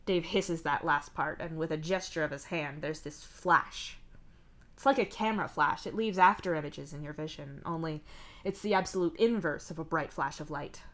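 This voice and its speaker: A woman streamer reading a fanfiction chapter aloud live. Her narration is plain and even. Her voice sits a little low. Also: moderate pace. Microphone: streaming mic.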